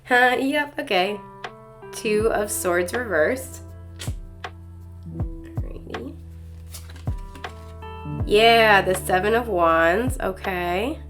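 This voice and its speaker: A woman's voice: mid-range voice, extremely slow, long pauses, a bit bright, soft background music. A woman giving a casual tarot reading, talking straight to the viewer with plenty of likes and ums. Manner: chatty, filler-heavy, addresses viewer directly. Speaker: tarot reader.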